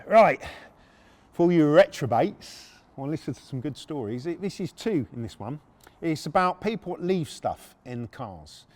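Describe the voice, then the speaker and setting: A man's voice: fairly high pitch, measured pace. Brash man telling stories. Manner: brash, swearing, animated. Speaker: podcast host. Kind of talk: storytelling podcast.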